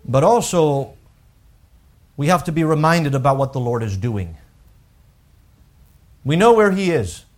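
A man preaching a sermon with emphatic swings from loud declarations to hushed, drawn-out lines, repeating words as he works through a thought. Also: on the high side, lively intonation. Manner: unhurried, deliberate, with pauses and repeated words. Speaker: pastor.

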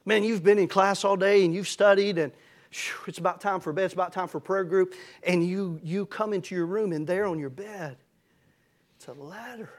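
A man's voice: high voice, steady tone, brisk. A middle-aged man preaching a folksy, storytelling sermon that builds to emphatic passages. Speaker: pastor.

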